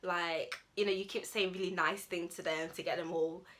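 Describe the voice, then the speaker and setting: A woman's voice: on the low side, steady tone, normal speed, a bit bright. A young woman, chatting casually to the camera as she explains slang, using lots of fillers. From United Kingdom. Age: young adult. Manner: chatty, filler-heavy, acts out example phrases. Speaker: language vlogger.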